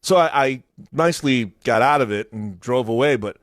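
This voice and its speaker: A male radio host chatting casually on a morning show and telling a story with lively acted-out voices. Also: medium pitch, normal speed, no echo, studio quality. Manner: animated storytelling, acts out voices.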